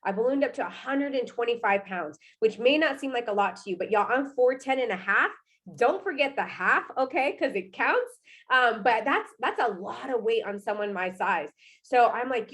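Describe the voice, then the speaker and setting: A young adult woman telling her personal success story in an energetic, chatty way, often asking "right?" and saying "y'all.". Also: on the high side, moderate pace. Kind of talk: personal testimonial talk.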